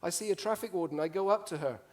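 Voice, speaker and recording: A man from Italy, giving a humorous storytelling talk on stage, animated and joking as he acts out voices. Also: high-pitched, fast. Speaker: conference speaker. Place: stage before a live audience.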